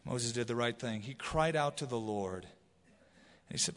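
A man's voice: mid-range voice, animated, a little slow, a bit bright. A man preaching a sermon, teaching through the Bible and reading scripture aloud with expression. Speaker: pastor. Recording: long hall reverb.

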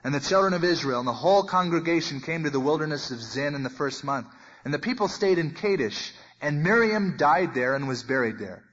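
A man preaching a sermon and teaching verse by verse, talking in a conversational way and acting out the voices in the passage, with big swings in loudness. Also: a little high, animated, brisk, husky. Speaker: pastor. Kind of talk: expository Bible teaching. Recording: muffled lo-fi recording.

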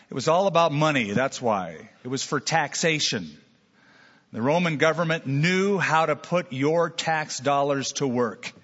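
A man's voice: on the high side, a bit bright. A man preaching a sermon as pastor, telling stories with folksy asides and jokes. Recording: dull long-reverb hall sound.

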